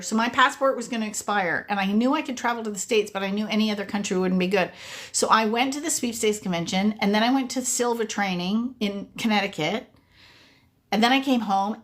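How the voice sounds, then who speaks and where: A woman chatting casually on a live stream as a sweepstakes coach, excitable and animated, from Canada, and losing her voice. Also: fairly high pitch.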